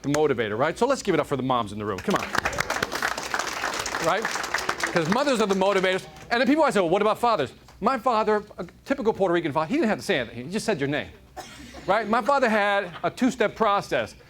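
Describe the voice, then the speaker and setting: A man from Chicago giving an energetic, joking motivational keynote to a live audience, often checking in with "right?". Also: sits high, quick pace, a faint crowd. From Chicago, United States. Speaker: motivational speaker. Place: conference room with audience.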